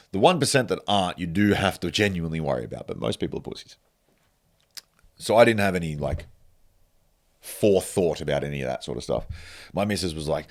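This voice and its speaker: A man's voice: a bass voice, vocal fry. A man hosting a podcast, telling a road-rage story in casual chat, laughing often and swearing freely. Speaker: podcast host.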